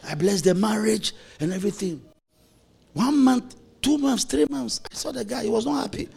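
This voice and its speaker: A man's voice: sits high, moderate pace, vocal fry, darkish tone, husky. A male pastor preaching a playful, anecdotal sermon, laughing often as he tells stories. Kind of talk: storytelling sermon.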